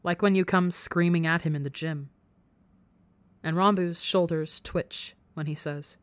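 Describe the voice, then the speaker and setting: A woman with a low voice narrates a story podcast, reading with intense feeling. The recording is dry and close, with no room sound. Her delivery swings between hushed and urgent. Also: fairly even intonation, a little slow, dry recording. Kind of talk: audiobook narration of fan fiction.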